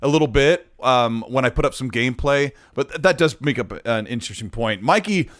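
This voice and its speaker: A man's voice: medium pitch, a little fast, fairly bright tone, no room sound, studio quality. A man hosting a podcast, upbeat, moving things along and reading out viewer comments. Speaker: podcast host.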